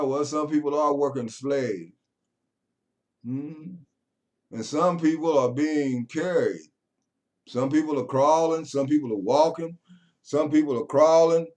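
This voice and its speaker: A man preaching a sermon, swinging between loud raised lines and low murmured passages. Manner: preaching with rising chanted bursts and low murmured stretches.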